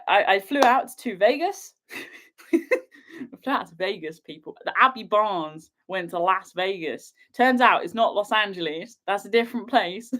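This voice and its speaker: A young woman from the UK, a wildlife filmmaker, chatting casually on a livestream from home in a giggly, rambling, excitable way. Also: a little high.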